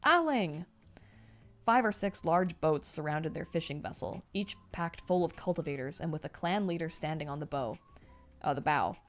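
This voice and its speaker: A young woman streamer reading a novel aloud, steady between excited asides. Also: low-pitched, fairly quick, hardly any pauses, slight background noise. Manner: reads steadily, breaks off into excited reactions.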